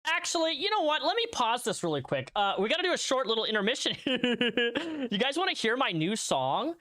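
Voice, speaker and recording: A man's voice: very high-pitched, sing-song, brisk, sharp tone. A man hosting a livestream, talking casually and rambling, often restarting his sentences. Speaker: livestream host.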